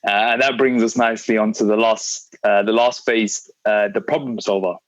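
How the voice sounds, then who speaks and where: A man's voice: fairly low pitch, fairly even intonation, moderate pace, no room sound. A man hosting a fitness podcast, chatting casually and steering the talk with questions. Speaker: podcast host and fitness coach. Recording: dry, slightly muffled audio.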